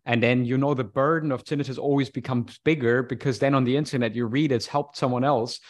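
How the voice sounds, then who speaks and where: Animated male podcast host. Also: mid-range voice, a little fast. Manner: animated, many restarts and stammers. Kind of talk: casual interview chat.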